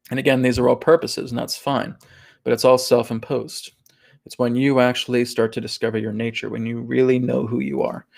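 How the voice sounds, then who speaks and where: A man hosting a live spiritual talk and Q&A in a casual, animated way, often checking in with "right?" and acting out voices. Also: mid-range voice, gravelly. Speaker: host and spiritual teacher.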